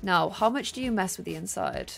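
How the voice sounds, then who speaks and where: A young woman streaming a building game, chatting casually and excitedly thanking her viewers. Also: mid-range voice, a little fast, gravelly. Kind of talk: casual gameplay livestream chat. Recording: faint music behind.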